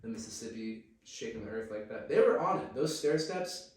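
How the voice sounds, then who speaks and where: A man's voice: on the low side, animated, moderate pace. A man hosting a casual podcast, rambling and joking crudely with his sister. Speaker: podcast host. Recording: very echoey room, mic at a distance.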